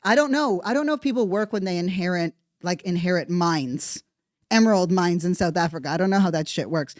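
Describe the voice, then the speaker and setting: This is a podcast host talking casually through the news as comedy. The delivery is animated and sarcastic, with plenty of swearing. The voice sits in a middle register and sounds close and dry, with no room around it. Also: mid-range voice, a little fast, no echo. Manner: animated, profane, sarcastic riffing.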